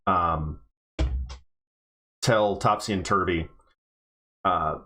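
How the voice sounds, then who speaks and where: A man playing in a tabletop game livestream, halting and hesitant, with frequent ums. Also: low voice, sharp tone. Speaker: player.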